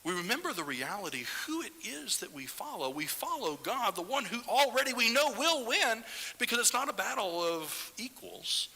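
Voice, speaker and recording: A man preaching a Sunday sermon with a lively, swooping delivery and a bright, forceful edge, now and then sinking to a hushed whisper for emphasis. His voice carries the long reverb of a church hall. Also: high-pitched, a little hiss or hum. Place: church sanctuary.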